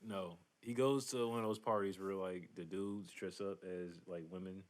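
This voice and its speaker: With a deep, steady voice at normal speed, this man co-hosts a casual podcast. He recaps a show in a rambling way, leaning heavily on filler words as he chats.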